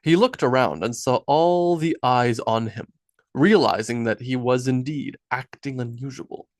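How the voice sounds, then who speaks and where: A man narrating an audiobook in a steady, even reading. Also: medium pitch, a little slow, no echo. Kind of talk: scripted narration. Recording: dry close audiobook read.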